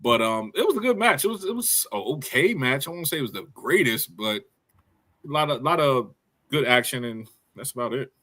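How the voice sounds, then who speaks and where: A man's voice: mid-range voice, lively intonation, normal speed, sharp tone. A man co-hosting a casual wrestling review podcast, rambling and slangy with lots of fillers. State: hiccups. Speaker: podcast co-host.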